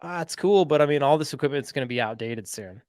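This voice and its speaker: A man's voice: fairly high pitch, expressive, fast talker, a little mellow, clean tone, dry recording, clean studio sound, lightly acted. A man doing a gloomy, dismissive little boy. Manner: dismissive, unimpressed. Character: gloomy pessimistic young boy.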